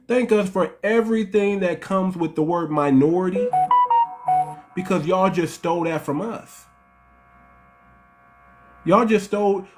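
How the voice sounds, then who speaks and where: A man's voice: sits high, darkish tone. A man speaking defiantly and tauntingly on an online panel, repeating his points. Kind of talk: opinionated online panel talk.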